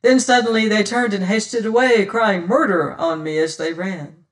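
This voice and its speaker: Reading in the first person, a dramatic audiobook narrator with a mid-pitched voice moves at a moderate pace. Exclamations swell loud while quiet passages drop to a hush, and the voice sounds set back from a distant mic.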